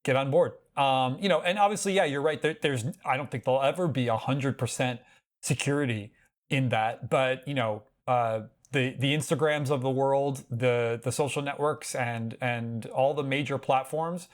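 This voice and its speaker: An American man co-hosting a casual tech podcast, telling stories in an animated way and often restarting his sentences. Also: mid-range voice, normal speed. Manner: animated storytelling with frequent restarts. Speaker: podcast co-host.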